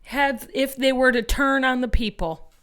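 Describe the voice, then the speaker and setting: A woman's voice: high voice, fairly even intonation, measured pace, fairly bright tone, clear, resonant tone. Fiery, profane woman ranting. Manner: angry, profane, rallying; addresses listeners as friends. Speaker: activist podcast host. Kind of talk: impassioned political monologue.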